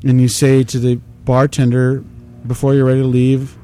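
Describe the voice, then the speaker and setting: Mellow-voiced man explaining beer styles. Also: mid-range voice, completely flat delivery, moderate pace. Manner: knowledgeable, explanatory, rambling with fillers. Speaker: beer tasting show host. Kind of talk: casual beer tasting chat.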